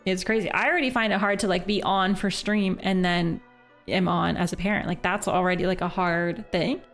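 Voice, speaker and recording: Chatty Canadian woman streamer, gravelly voice. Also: fairly low pitch, fairly even intonation, normal speed, fairly bright tone. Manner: rambling, chatty, many fillers and restarts. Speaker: livestreamer and parent. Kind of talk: casual chat with stream chat. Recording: faint music behind voice.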